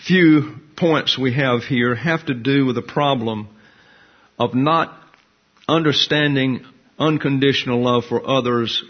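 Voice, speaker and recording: Husky-voiced man teaching a Bible class. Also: medium pitch, dull audio. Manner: conversational, asks the class questions.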